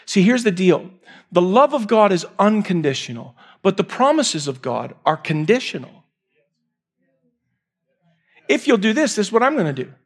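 Male pastor, high voice, emphatic sermon delivery with repeated points. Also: sing-song, unhurried. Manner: emphatic, repeats key lines, swings from raised to hushed.

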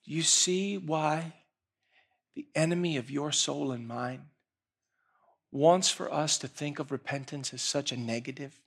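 High-voiced preacher, hushed to shouting. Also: male voice, unhurried, gravelly, breathy edge. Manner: dynamic, swings from hushed storytelling to shouting. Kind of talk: sermon.

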